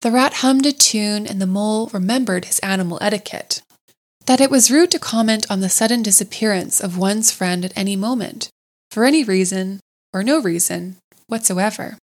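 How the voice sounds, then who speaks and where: A woman reading a classic storybook aloud in a gentle, measured way. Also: mid-range voice.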